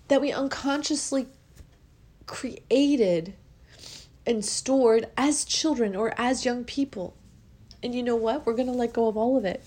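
A woman hosting a podcast and leading a guided emotional release, speaking soft repeated affirmations that drift into whispers while she is tearful. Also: high-pitched, unhurried. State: tearful, crying with a running nose. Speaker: podcast host.

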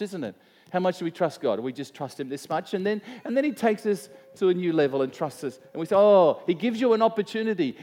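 A man's voice: high-pitched, darkish tone. A middle-aged man, preaching a sermon in a conversational, storytelling way and asking his listeners questions. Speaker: pastor. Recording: long hall reverb.

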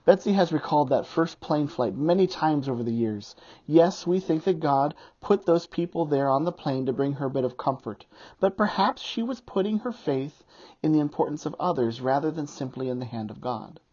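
A pastor preaching a sermon and reading scripture aloud in a measured cadence. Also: medium pitch, lively intonation, warm tone, muffled recording.

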